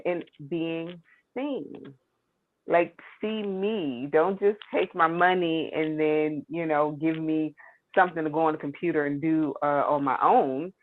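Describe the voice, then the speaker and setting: Gravelly woman on a tinny line. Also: deep voice, no echo. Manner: earnest, emphatic. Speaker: program member. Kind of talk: casual group video call chat. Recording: dry, tinny phone-like line.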